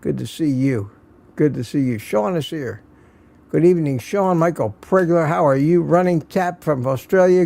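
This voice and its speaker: An older male host with a slightly higher voice than most men, roughened by a gravelly edge. His tone is dark and mellow as he greets his regulars one by one in an easygoing, folksy livestream chat. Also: moderate pace. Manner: reads viewer names and comments aloud, folksy.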